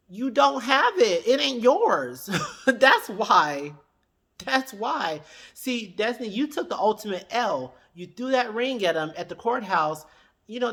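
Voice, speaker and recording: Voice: medium pitch, fairly bright tone. A reviewer giving casual, sassy commentary, talking straight to the people on a reality show and acting out their lines.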